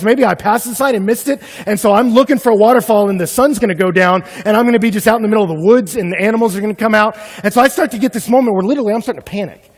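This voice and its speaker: A man preaching a sermon as a pastor, telling a personal story in an animated way and acting out his own panic. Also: sits high. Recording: long hall reverb.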